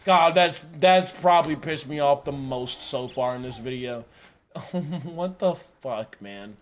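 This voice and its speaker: A man's voice: medium pitch, takes it slowly. A man streaming live and reacting to a video in casual chat, swearing and venting with frequent "bro" and "dude". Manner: profane, exasperated outbursts; calls listeners bro and dude.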